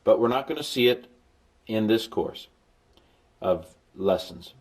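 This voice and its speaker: A middle-aged man teaching a recorded Greek lesson, sounding out vowels slowly and repeating them with enthusiasm. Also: lowish voice, expressive, darkish tone.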